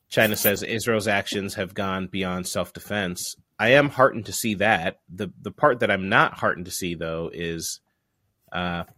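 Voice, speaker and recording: A man's voice: fairly low pitch, fairly bright tone. A man hosting a call-in show, chatting casually and laughing easily with his callers. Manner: laid-back, chatty, often laughs with callers.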